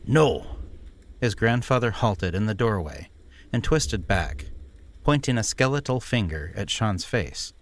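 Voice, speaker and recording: A man narrating an immersive story in a slow, dramatic storytelling manner. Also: on the low side, animated. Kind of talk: scripted narration.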